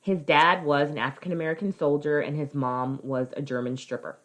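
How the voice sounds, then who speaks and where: A woman's voice: low voice, steady tone, fairly quick. A woman co-hosting a podcast, telling a story in casual chat, swearing freely and acting out quoted voices.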